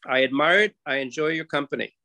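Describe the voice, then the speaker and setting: An older man giving a reflective personal tribute to a friend, storytelling and gently mocking himself. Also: on the high side, fast talker. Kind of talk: warm personal tribute in group.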